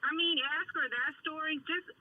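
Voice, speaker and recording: A woman's voice: high voice, no echo. A woman calling in to a talk show, telling a family story in an earnest, reflective way. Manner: earnest and reflective, with pauses and restarts. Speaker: caller. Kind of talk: phone-in storytelling. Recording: tinny phone line.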